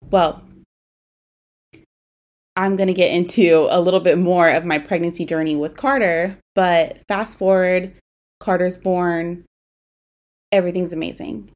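A young woman in her twenties hosting a podcast, telling a personal story in a candid, conversational way that turns quiet and somber. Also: fairly low pitch. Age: 20s. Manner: candid, conversational, grows quiet and somber when recalling loss. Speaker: podcast host.

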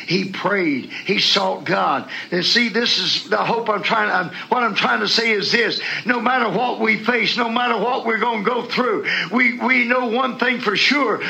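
A man preaching a sermon, going from quiet scripture reading to shouted praise and talking folksy and direct to the congregation. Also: high-pitched, measured pace, vocal fry, hardly any pauses, rough recording. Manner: folksy, talks straight to the congregation.

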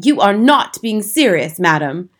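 A woman's voice: mid-range voice, very animated, measured pace. A woman voicing a pompous, bristly male hotel manager in a storybook reading, stiff and formal. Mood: outraged.

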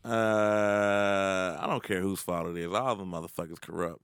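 A man's voice: deep voice, level tone, unhurried, fairly bright tone, clear, resonant tone, no echo, clean studio sound. A man co-hosting a podcast in casual, profane chat, joking animatedly and often mimicking the people he talks about. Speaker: podcast co-host.

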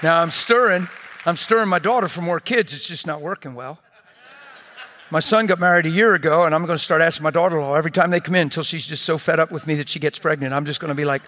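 Older male pastor with a slightly high voice; lively, joking sermon storyteller. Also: quick pace, a little hiss or hum. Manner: animated, playful, acts out family members.

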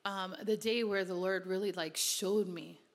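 Woman preacher sharing her testimony, earnest and chatty, mid-pitched, long hall reverb. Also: steady tone, measured pace. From Connecticut, USA. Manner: earnest, conversational, many "you know" fillers. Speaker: speaker giving a testimony. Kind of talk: sermon-style personal testimony.

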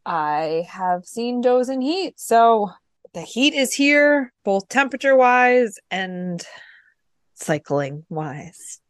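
A woman's voice: a little high, big pitch swings, takes it slowly, no room sound. A woman co-hosting a casual podcast chat, talking in an easy, chatty way. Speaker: podcast co-host.

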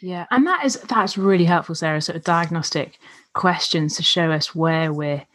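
A woman's voice: fairly low pitch, moderate pace, a bit bright. A woman co-hosting a casual Bible study discussion, thoughtful and affirming, often checking in with tag questions. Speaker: co-host discussing a Bible passage.

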